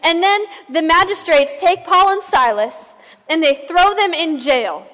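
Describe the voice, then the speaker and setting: A woman pastor telling a story in a sermon, in a lively conversational way, asking the listeners questions. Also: extremely high pitch, measured pace, in a large hall.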